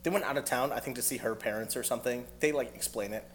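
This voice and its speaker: A man's voice: mid-range voice, quick pace. A man telling a rambling movie story in a casual podcast chat, full of fillers and laughing asides.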